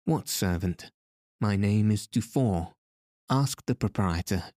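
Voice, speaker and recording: A man's voice: on the low side, animated, slow, darkish tone, dry recording, clean studio sound. A man reading as a nervous, stammering suspect. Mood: frightened. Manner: nervous, pleading.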